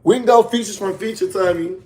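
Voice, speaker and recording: High-voiced man ranting on a livestream. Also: fairly quick. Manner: trash-talking, mocking, sing-song insults. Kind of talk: casual livestream rant.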